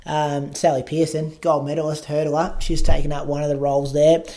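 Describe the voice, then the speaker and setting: A man's voice: a little high, little pitch movement, normal speed, mellow. A man, co-hosting a podcast and reading out news in casual chat. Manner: chatty, reads items aloud. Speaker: podcast co-host.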